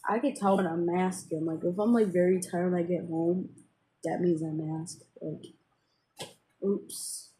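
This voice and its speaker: A woman talks straight to her viewers in a loose, rambling vent, circling back on her words and filling gaps with fillers. Her voice sits a little low for a woman and has a mellow, dark tone. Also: steady tone, a little slow, slight background noise, rough recording. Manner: rambling, with many fillers and restarts. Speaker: vlogger. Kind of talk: casual personal venting to camera.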